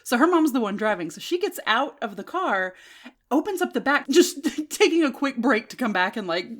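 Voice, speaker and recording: A woman's voice: sits high, big pitch swings, normal speed, a bit bright. A woman in her thirties co-hosting a podcast in casual chat, telling stories animatedly and laughing often. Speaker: podcast co-host.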